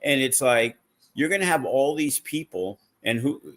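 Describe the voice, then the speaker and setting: A man's voice: medium pitch, lively intonation, moderate pace, fairly bright tone. A man who promotes wrestling shows, chatting casually in a blunt, profane, rambling way with lots of fillers. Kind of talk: casual podcast chat.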